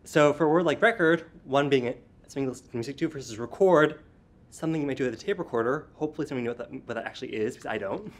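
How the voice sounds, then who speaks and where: Man explaining his research findings clearly. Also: medium pitch, racing, hardly any pauses. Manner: clear and explanatory, leans on contrasting word stress, a few ums. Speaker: student researcher presenting a study. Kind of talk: short academic research talk.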